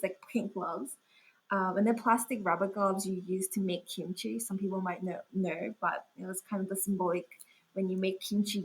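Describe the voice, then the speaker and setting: Breathy young woman, chatty. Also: medium pitch, low-quality recording. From Australia. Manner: chatty, full of "like" fillers and laughs. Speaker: guest artist. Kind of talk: casual interview chat.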